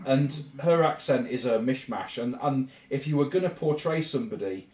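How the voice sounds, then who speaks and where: A man's voice: mid-range voice, animated, moderate pace, darkish tone, reverberant. A man co-hosting a movie commentary podcast, ranting bluntly and swearing freely. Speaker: podcast co-host.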